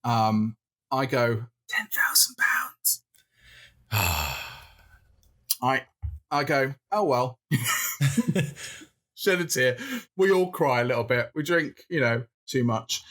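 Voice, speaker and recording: A man from the north of England talks in a loose, chatty way, as a guest on a podcast. He tells his story in a rambling, animated manner, with many restarts and laughs. His voice sits at a middle pitch. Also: slow, long pauses. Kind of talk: casual storytelling chat.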